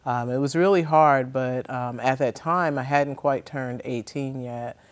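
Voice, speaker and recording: A woman in her fifties from New Jersey, answering interview questions thoughtfully with frequent pauses and ums. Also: a bass voice. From New Jersey, USA. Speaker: interview guest.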